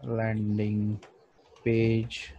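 A man's voice: lowish voice, monotone, extremely slow, mellow, lo-fi sound, slight background noise. A man thinking aloud with frequent fillers as he narrates a screen-recorded design tutorial. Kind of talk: screen-recorded software walkthrough.

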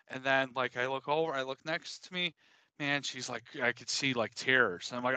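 Animated bright-voiced podcast man. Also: on the high side, a little fast, no room sound. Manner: animated, swears freely. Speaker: podcast co-host. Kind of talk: casual podcast storytelling.

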